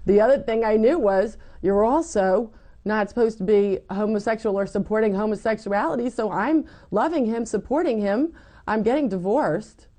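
A middle-aged woman giving her personal testimony in an interview, animated and acting out what people said. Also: mid-range voice, moderate pace. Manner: animated storytelling, acts out quoted lines. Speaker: guest telling her faith story.

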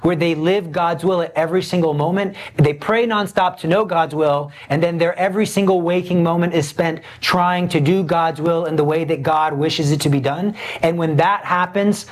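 A Catholic preacher delivers a sermon with earnestness, his voice pitched slightly above the typical male range and his intonation fairly even. He pleads with the congregation and challenges them with pointed questions, deliberately slowing his delivery so each point lands.

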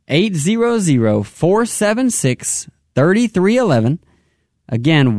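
A man hosting a radio pledge drive, upbeat and urging, who slows down to repeat phone numbers. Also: a little high, a little mellow, no room sound, clean studio sound. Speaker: radio fundraiser host. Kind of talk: on-air pledge drive appeal. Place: radio studio.

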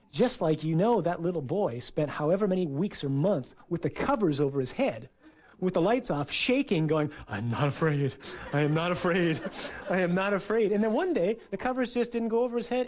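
Conversational preaching priest, slightly high voice. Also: male voice, darkish tone. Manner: conversational storytelling. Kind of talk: sermon. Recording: radio broadcast.

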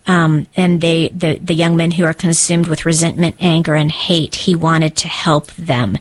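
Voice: mid-range voice, steady tone, normal speed, hardly any pauses, rough recording. A podcast co-host speaking in an earnest, reflective way during a casual conversation.

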